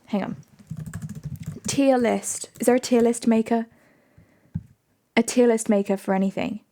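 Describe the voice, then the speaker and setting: A woman's voice: fairly high pitch, fairly even intonation, measured pace, mellow. A young woman streaming live, chatting casually with viewers in a giggly, rambling, self-mocking way. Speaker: livestreamer.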